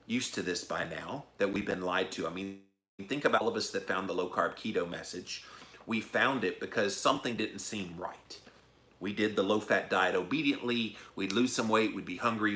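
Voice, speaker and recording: Fired-up man ranting, bright voice. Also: medium pitch. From United States. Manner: fired-up, swings from loud emphasis to hushed asides. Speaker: podcast host. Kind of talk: passionate rant to listeners.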